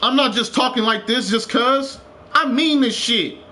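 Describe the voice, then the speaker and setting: A man's voice: very high voice, measured pace, bright, forceful tone. A man streaming a game live, ranting with passion, repeating himself and swearing. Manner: impassioned, repetitive, swears, rising to urgent.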